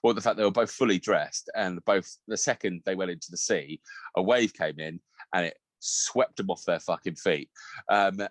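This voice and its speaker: A man's voice: deep voice, moderate pace, dry recording. A man, a podcast co-host who tells stories animatedly, laughs a lot and swears freely. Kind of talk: casual podcast chat.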